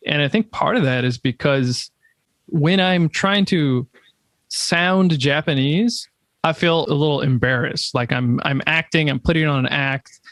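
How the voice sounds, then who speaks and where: A man's voice: fairly high pitch, measured pace, a bit bright, no room sound. A man from the United States interviewing a guest in a casual chat, talking reflectively and a bit hesitantly as he asks his questions.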